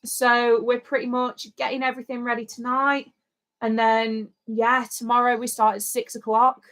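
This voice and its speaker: A woman's voice: a little high, little pitch movement, moderate pace, a bit bright. A woman co-hosting a livestream in casual, rambling chat. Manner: chatty and rambling. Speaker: livestream co-host.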